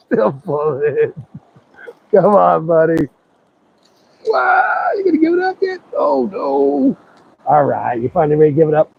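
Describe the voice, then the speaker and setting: A man's voice: sits high, gravelly, slightly rough, highs cut off. Playful man fishing outdoors. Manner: excited, playful, talks to the fish. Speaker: fishing livestreamer. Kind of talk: live fishing commentary. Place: outdoors by a river.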